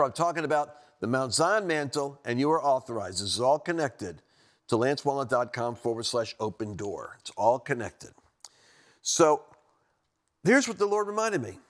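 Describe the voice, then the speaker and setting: A man delivers an animated teaching in the style of a sermon from a studio, his delivery alternating between loud, emphatic lines and low, quiet ones.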